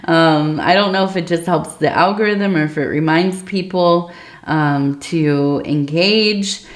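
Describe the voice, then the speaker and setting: A woman giving an ASMR tea leaf reading, talking softly and meandering with many fillers. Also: on the low side, roomy sound.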